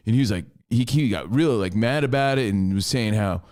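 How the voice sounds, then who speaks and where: A man co-hosting a podcast, telling a story in a slangy, animated way and acting out what people said. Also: fairly low pitch, a little fast. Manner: animated, slangy, acts out quotes. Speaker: podcast co-host. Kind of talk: casual storytelling chat.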